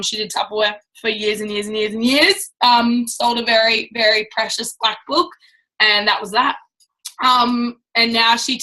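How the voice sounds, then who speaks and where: A woman's voice: fairly high pitch, bright, forceful tone, poor audio. A woman giving a casual, blunt and chatty training talk to a business team. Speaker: network marketing trainer.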